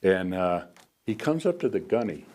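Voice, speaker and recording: A man's voice: sits low, sing-song, moderate pace, darkish tone. An older man in his seventies from the United States, a veteran guest speaker telling stories to an audience in a rambling way, often restarting his sentences. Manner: rambling, frequent restarts and fillers. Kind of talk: storytelling talk to an audience. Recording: faint background noise.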